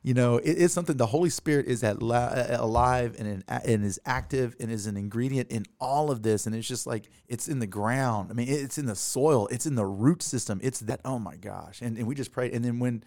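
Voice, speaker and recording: A man's voice: medium pitch, fairly quick, hardly any pauses, a little mellow, no room sound. A man hosting a faith interview, rambling and repeating words with enthusiasm. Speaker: podcast host. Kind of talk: casual interview.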